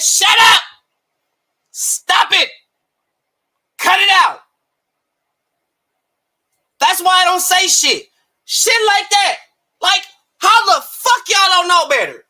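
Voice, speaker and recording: Man, high voice, piercing edge; heated profane boxing rant with bursts of shouting. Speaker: boxing commentator. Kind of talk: ranting commentary.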